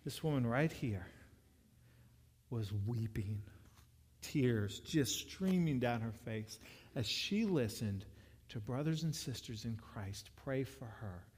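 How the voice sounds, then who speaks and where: A man's voice: mid-range voice, expressive, takes it slowly, a little mellow, breathy edge, long reverb tail. A man preaching a sermon, telling a story in a conversational way with frequent restarts. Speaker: pastor.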